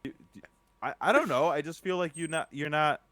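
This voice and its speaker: A man's voice: a little high, brisk, sharp tone, dry recording. A man co-hosting a casual podcast, upbeat and teasing as he does the show's plugs and banter. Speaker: podcast co-host.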